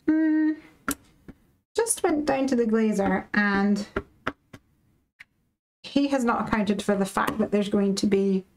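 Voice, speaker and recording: A woman's voice: mid-range voice, a little mellow, slight background noise, low-quality recording. A woman from the UK hosting a live craft stream, chatting casually and animatedly with viewers and reading out their comments.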